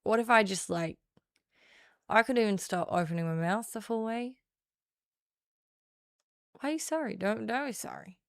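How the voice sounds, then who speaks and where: A woman's voice: a little high, moderate pace, gravelly, long pauses, dry recording, studio quality. A woman putting on a broad, cheeky Australian woman, drawling and swearing freely. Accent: exaggerated Australian. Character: broad, brash Aussie woman, cheeky and crude.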